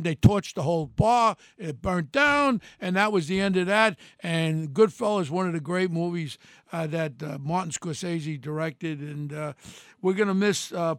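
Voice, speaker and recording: An older man hosts his podcast in a blunt, wandering monologue full of restarts. His voice is gravelly and pitched high for a man. The close microphone sounds dry, with no room around it. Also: fairly bright tone, no echo. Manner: rambling, blunt, many restarts and fillers. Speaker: podcast host. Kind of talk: casual monologue.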